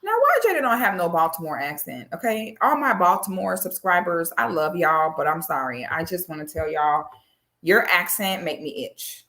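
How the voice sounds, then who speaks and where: A woman's voice: lowish voice, animated, moderate pace, fairly bright tone. A woman giving casual reaction commentary, sassy and exclamatory, speaking straight to her viewers.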